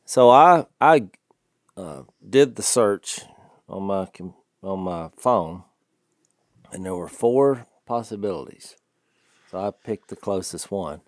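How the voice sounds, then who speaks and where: A man's voice: on the low side, expressive, takes it slowly, no echo, studio quality. A man in his fifties with a Southern US twang, co-hosting a podcast and telling a rambling story that he often laughs through. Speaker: podcast co-host. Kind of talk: casual storytelling chat.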